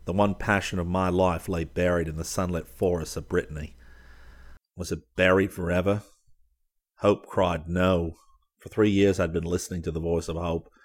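A man reading a first-person story aloud as an audiobook narrator. His voice sits very low, and his delivery is measured and dramatic.

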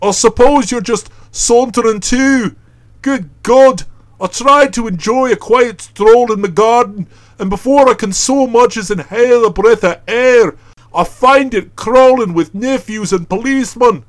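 An actor voicing a blustering, irascible older uncle in an audiobook, sputtering in explosive outbursts. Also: male voice, very high voice, measured pace. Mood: furious. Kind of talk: audiobook character voice.

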